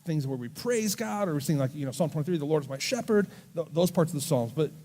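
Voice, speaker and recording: A man preaching earnestly to a youth service, speaking gently and slowing down to read scripture aloud. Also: on the high side, expressive. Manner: earnest, gentle, slows down when reading scripture. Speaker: youth pastor. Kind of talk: sermon to a student audience. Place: church service.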